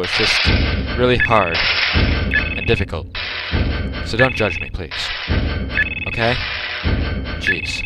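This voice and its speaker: A man's voice: sits low, wildly swooping pitch, slow pace, long pauses, rough recording. A young man giving casual let's-play commentary, pleading with enemies and yelping in frustration. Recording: loud game music behind.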